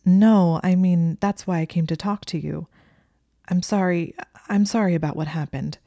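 A woman reading the lines of a nervous teenage witch, hurried and stumbling over her words. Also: lowish voice, dark tone, dry recording, studio quality, close to an everyday voice. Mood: flustered.

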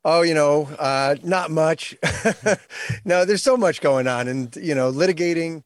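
A male attorney appearing as an interview guest, answering with lots of fillers and pauses. The recording is dry, with no reverb. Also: a little high. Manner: hesitant, many fillers.

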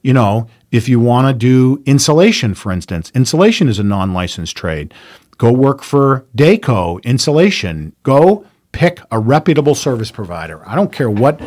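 A man's voice: medium pitch, big pitch swings, moderate pace, darkish tone. Contractor guy talking shop, repeats himself for emphasis, lists stuff off. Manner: emphatic, repeats phrases for stress; builds points in lists. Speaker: building contractor giving advice. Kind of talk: casual podcast conversation.

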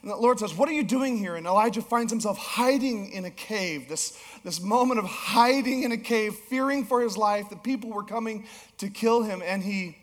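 A male pastor preaching a sermon, telling a story with animated swings between emphatic peaks and low, soft passages. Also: normal speed. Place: church auditorium. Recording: long hall reverb.

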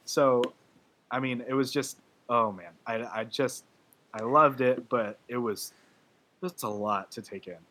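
A man's voice: medium pitch, measured pace, bright, forceful tone. A man in casual podcast chat, gushing and emotional, rambling with many fillers and restarts. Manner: gushing about a film, laughing through his words.

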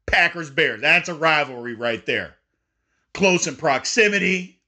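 A man's voice: a little high, lively intonation, unhurried, pushed and bright. A man from Indiana hosting a sports talk show, giving emphatic opinions and now and then putting on voices to mock fans. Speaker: sports podcast host.

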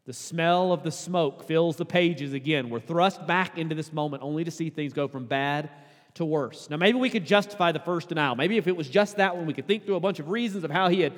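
A man preaching a sermon as pastor, conversational and casual, building to emphatic, louder peaks. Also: fairly high pitch, a little fast. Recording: long hall reverb.

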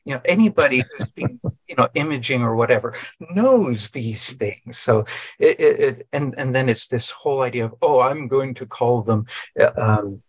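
A man talking as a podcast guest in casual conversation, rambling and halting and often restarting his sentences. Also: mid-range voice, breathy edge, dry recording.

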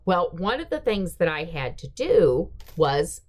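Lively middle-aged woman telling a story. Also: fairly low pitch, unhurried. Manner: animated, acts out quoted dialogue. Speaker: podcast host. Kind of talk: casual storytelling.

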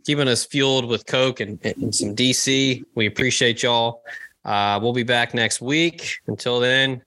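A man co-hosting a podcast in loose, joking chat, swearing freely and tossing in quick asides. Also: medium pitch, bright, forceful tone. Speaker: podcast co-host. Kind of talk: casual chat.

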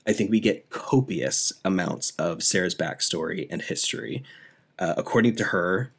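Excitable man reviewing a movie. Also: low-pitched, normal speed, slightly rough. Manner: enthusiastic, rambling, laughs often. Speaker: podcast co-host. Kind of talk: casual movie review chat.

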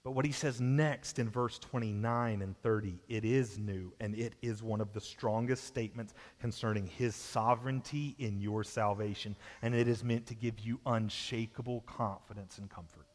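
A man with a Southern US accent preaching a sermon as pastor, emphatic and shifting between hushed and loud passages. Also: lowish voice, steady tone, normal speed, hardly any pauses. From Southern United States. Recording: long hall reverb.

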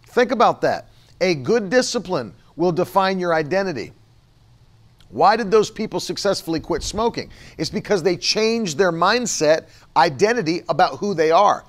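A man's voice: high voice, animated, moderate pace. A man preaching a sermon as pastor, emphatic, repeating key phrases and acting out the voices of the people he quotes.

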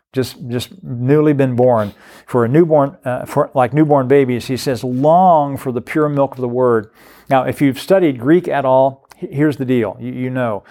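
An earnest older man teaches scripture in a preaching style, repeating words as he drives a point home. His voice sits at an everyday middle pitch. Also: a little mellow. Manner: earnest, repeats words while building emphasis. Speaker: guest speaker on discipleship.

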